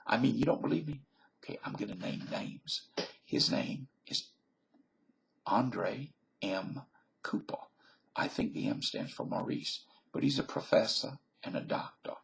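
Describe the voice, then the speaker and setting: A man from Virginia rambles to camera in a very gravelly, husky voice that keeps slipping into a breathy near-whisper. His pitch swings widely as he jokes, then takes each claim back and says he was kidding. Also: sing-song, measured pace. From Virginia, USA. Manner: jokey, contradicts himself and then says he is kidding. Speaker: vlogger. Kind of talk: rambling comic monologue to camera.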